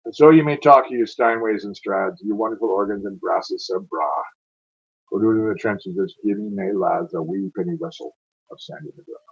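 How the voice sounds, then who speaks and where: Husky man reading verse aloud. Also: lowish voice, animated, normal speed, dull audio. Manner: loose, stumbling, self-correcting. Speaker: amateur poetry reader. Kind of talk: reading narrative verse aloud, then casual aside.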